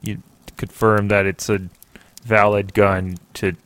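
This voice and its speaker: Excitable, swearing man running a game. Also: on the low side, measured pace, clean tone. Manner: excitable, profane, joking. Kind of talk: improvised tabletop role-play.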